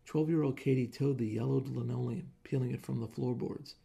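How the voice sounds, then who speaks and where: A man reading a short story aloud in measured, plain narration. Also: medium pitch, fairly even intonation, gravelly, warm tone, breathy edge.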